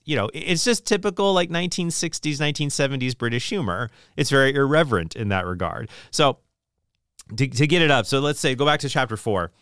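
Smooth-voiced man rambling about books. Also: mid-range voice, fairly bright tone, no echo, clean studio sound. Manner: rambling, opinionated, many restarts. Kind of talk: casual chat about books.

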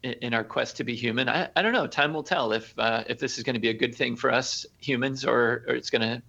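A man appearing as a podcast guest, talking in a measured, thoughtful and hedging way in casual chat. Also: mid-range voice, creaky, bright, forceful tone. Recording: dull lo-fi audio.

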